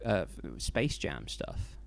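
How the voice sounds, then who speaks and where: A man's voice: sits low, wildly swooping pitch, slow pace, vocal fry. A young English man hosting a podcast, cracking dry, crude jokes in casual chat. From England. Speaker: podcast host.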